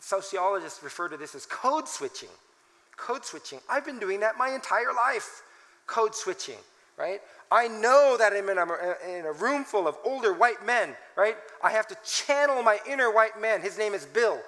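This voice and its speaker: A man in his forties giving an animated, self-mocking talk with laughs, also reading scripture aloud. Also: high voice, normal speed, in a large hall, poor audio. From United States. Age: 40s. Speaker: conference speaker.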